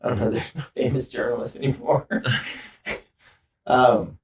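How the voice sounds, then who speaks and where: A man introducing an interview guest in a playful, halting way. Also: mid-range voice, steady tone, low-quality recording. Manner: playful hype, hesitant fillers. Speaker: show introducer. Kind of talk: casual show intro.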